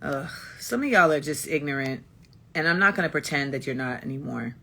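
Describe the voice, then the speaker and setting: A woman with a low, sharp-toned voice talks a little fast into her phone during a casual livestream. She's blunt and emphatic, hammering the same points over and over.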